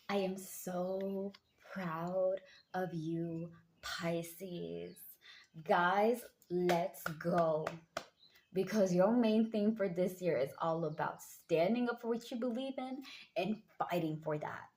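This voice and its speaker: A young woman reading tarot cards in a casual chat, hyping up her viewers with pet names, her voice a bit deep from just waking up. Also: takes it slowly, a little mellow, slight background noise. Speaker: tarot card reader.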